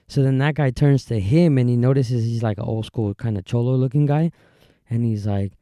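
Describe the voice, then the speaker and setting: A man's voice: medium pitch, moderate pace, warm tone, no room sound, studio quality. A man hosting a solo podcast, telling a story casually, with rambling asides and many fillers and restarts. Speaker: podcast host.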